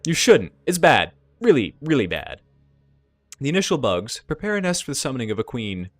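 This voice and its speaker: A man's voice: medium pitch, a little fast, dry recording, voice pushed up. A man doing a theatrical elf lecturer. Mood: grave. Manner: theatrical, excited, explaining.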